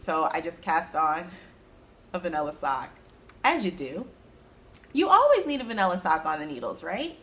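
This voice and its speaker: A woman hosting her own knitting podcast, chatting casually about her projects and breaking into sudden high-pitched exclamations. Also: very animated, moderate pace, long pauses, fairly bright tone. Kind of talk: casual chat.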